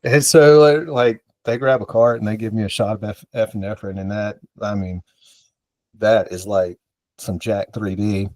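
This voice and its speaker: A man's voice: lowish voice, steady tone, moderate pace, darkish tone, dry recording. A man from the American South, a podcast co-host, telling a rambling, self-mocking story in casual chat and acting out the dialogue.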